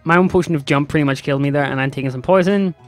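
A young man giving sarcastic, excitable let's-play commentary to his viewers. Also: fairly high pitch, racing, soft background music. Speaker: gaming YouTuber.

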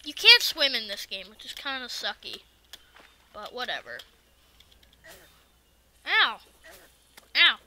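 A woman giving casual let's-play commentary, excitable and talking back to the game's enemies. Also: fairly high pitch, slow, long pauses, a little hiss or hum. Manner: excitable, swears and talks to the game enemies. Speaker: gaming video creator.

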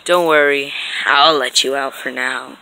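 A woman voicing a cruel, mocking nightmare villain in a fan animation, speaking in a hushed, taunting half-whisper. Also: extremely low pitch, steady tone, unhurried, smooth, dry recording, exaggerated voice, low-quality recording. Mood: menacing. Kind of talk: amateur voice acting for a fan animation.

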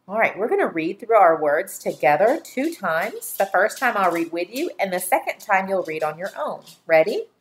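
A woman teacher giving a slow dictation lesson to young children, speaking clearly and deliberately and drawing out each syllable. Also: medium pitch, big pitch swings. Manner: clear, deliberate, spells words and stretches syllables.

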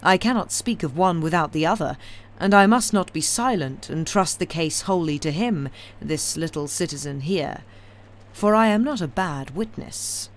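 A woman voicing a stern, vengeful middle-aged woman revolutionary, cold and deliberate, in a read-aloud novel. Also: fairly low pitch, lively intonation.

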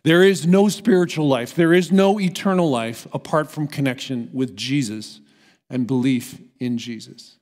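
American pastor preaching in echoey church. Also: male voice, mid-range voice, normal speed, darkish tone. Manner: storytelling preacher, earnest and emphatic. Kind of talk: sermon. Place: church sanctuary. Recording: long hall reverb in a church.

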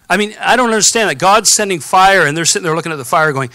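A man preaching a sermon in a casual, storytelling way, pausing to ask the congregation questions. His voice is bright and forceful, sitting a little high for a man. The sound is dry and close. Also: lively intonation, dry recording. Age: adult, has children. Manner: conversational preaching with frequent rhetorical questions and asides. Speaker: pastor.

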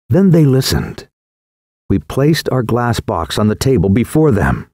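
A man narrating an audiobook in a dramatic, expressive way on a close studio mic. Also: medium pitch, measured pace, no echo.

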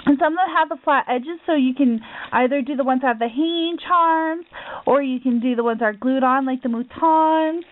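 A woman's voice: sits high, normal speed, dry recording. Gushing woman on tinny lo-fi audio. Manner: gushing, gasping, repeated exclamations. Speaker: craft vlogger. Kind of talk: package opening vlog.

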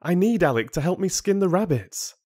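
A man's voice: high voice, big pitch swings, a little fast, a little mellow, voice pushed up. A man doing a tense, anxious young hunter. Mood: urgent.

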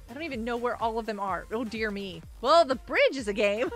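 A woman's voice: fairly high pitch, very animated, normal speed, a bit bright, soft background music. A woman streamer chatting casually while playing a game live, giggly and greeting her viewers.

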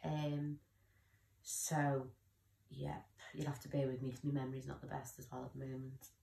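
A woman's voice: a bass voice, level tone, moderate pace, gravelly, mellow, echoey room, a little hiss or hum. A young woman talking candidly in a personal vlog, rambling and often losing her train of thought. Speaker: vlogger.

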